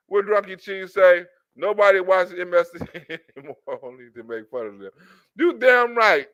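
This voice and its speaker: High-voiced mocking stream host, man. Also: lively intonation, normal speed, fairly bright tone, no room sound. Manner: mocking, profane, laughs a lot. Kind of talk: casual commentary stream.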